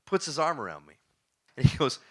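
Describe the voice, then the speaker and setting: A man giving a storytelling talk to a live audience. He is animated, laughs often, and throws questions at the crowd. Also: fairly high pitch, brisk. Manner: laughs often while telling stories. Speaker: motivational speaker.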